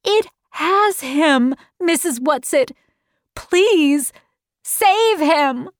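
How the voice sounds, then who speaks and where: A frightened young girl begs for help in a high, slow, urgent voice, as a woman reader puts her on. The sound is close and dry, with no room around it. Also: dry recording. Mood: pleading. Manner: urgent, pleading.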